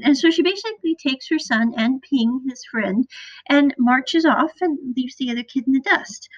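A woman from the American Midwest, casually recapping a series as a podcast host, animated and chatty as she retells scenes. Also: high voice, normal speed. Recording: dull lo-fi recording.

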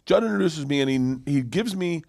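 A man's voice: fairly high pitch, brisk, gravelly, dry recording, clean studio sound. A man in his forties, a comedian, telling a rambling story in casual chat, swearing and restarting often. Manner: rambling, profane, animated storyteller with many restarts. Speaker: comedian guest.

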